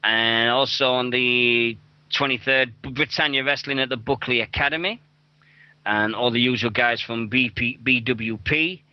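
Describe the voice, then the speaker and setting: A man's voice: mid-range voice, steady tone, normal speed, dry recording. A young man hosting a wrestling radio show, rambling through event listings with plenty of swearing and self-mockery. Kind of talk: casual show chat. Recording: dull lo-fi dry recording.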